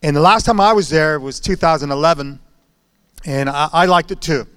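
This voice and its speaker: Man, chatty church host, slightly high voice, dry sound, frequent restarts. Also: moderate pace, a bit bright, smooth, dry recording. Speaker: pastor hosting. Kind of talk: casual church talk.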